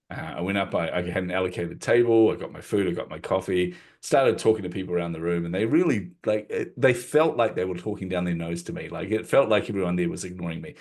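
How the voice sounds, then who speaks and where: A middle-aged man with a deep, low-pitched voice tells a story from his past as a podcast guest. He acts out what people said with lively shifts and often laughs at himself. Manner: animated, acts out quotes, self-deprecating laughs. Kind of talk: storytelling in conversation.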